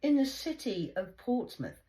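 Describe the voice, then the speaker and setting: A woman's voice: fairly high pitch, sing-song, unhurried, warm tone. A woman in her forties ranting bluntly in a heated casual monologue, swearing often. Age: 40s. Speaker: vlogger.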